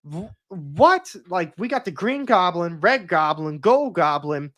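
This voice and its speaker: A man's voice: high-pitched, sing-song, takes it slowly, a bit bright. A young man hosting a casual comics livestream, talking in a rambling, opinionated way with frequent restarts.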